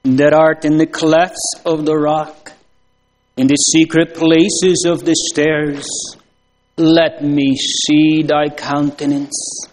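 Slow, drawling male preacher. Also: on the high side, flat delivery, darkish tone. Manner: slow, drawn-out old-fashioned preaching cadence; rises into sing-song emphasis on repeated phrases. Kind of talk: sermon.

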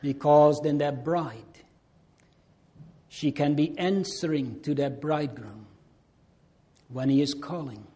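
A man preaching a sermon to his congregation, swinging between loud appeals and hushed near-whispers. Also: on the high side, slow, long pauses.

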